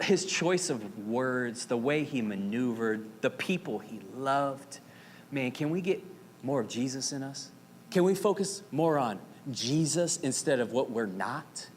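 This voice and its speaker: A man in his thirties from Arizona, preaching a sermon as pastor with animated, dramatic storytelling and playful asides. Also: medium pitch. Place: church sanctuary. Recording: reverberant hall with faint noise.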